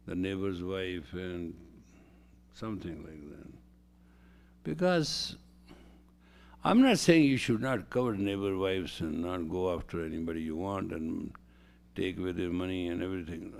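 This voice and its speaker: A man's voice: low-pitched, lively intonation, measured pace, gravelly, long pauses, a little mellow. A man lecturing as a spiritual teacher, emphatic and repeating phrases for stress.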